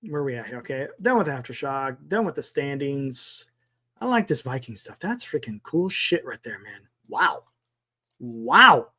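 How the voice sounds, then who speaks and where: A man hosting a sports talk livestream, rambling casually and thinking out loud, with some mild swearing. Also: mid-range voice, very animated, unhurried, breathy edge.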